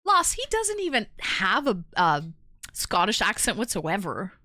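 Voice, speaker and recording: A woman's voice: mid-range voice, wildly swooping pitch, measured pace, pushed and bright, dry recording, studio quality. A woman hosting a call-in stream, chatting casually, reading the chat aloud and laughing easily.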